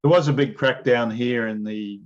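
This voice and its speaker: A man's voice: mid-range voice, normal speed, dull audio. Man telling blokey stories. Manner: animated storyteller, blokey slang. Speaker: interviewer. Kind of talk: casual storytelling in an interview.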